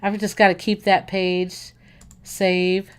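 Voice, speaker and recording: An American woman hosts a livestream, speaking slowly and smoothly in a mid-range voice with a level tone. She chats casually with viewers, gushes enthusiastically about food, and rambles with fillers and self-corrections.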